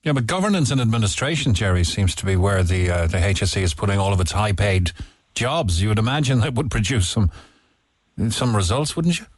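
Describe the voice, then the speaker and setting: Irish male radio host, low and dry. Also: animated, a little fast, husky, no room sound. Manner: probing, asks short follow-up questions. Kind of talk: phone-in talk radio.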